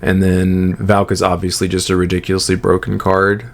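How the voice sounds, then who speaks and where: Gravelly low-voiced man chatting casually. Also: monotone, normal speed. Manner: laid-back, agreeable, thinks aloud. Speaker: podcast co-host. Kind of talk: casual chat about card games.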